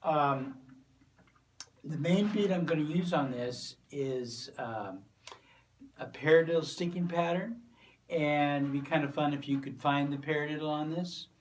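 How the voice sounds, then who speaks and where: A man giving a drum lesson, explaining crash patterns step by step in a relaxed way with plenty of fillers. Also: fairly high pitch, a little slow, slight background noise. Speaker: drum teacher. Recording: voice from a distance from the mic. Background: drum kit and cymbals.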